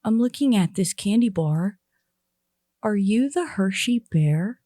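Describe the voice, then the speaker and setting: An earnest, awkward young man, played by a woman, halts and hesitates through every line. The voice is mellow and slow, recorded close and dry. It's an improvised comedy scene. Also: mid-range voice, expressive, no room sound. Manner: hesitant, halting, full of ums.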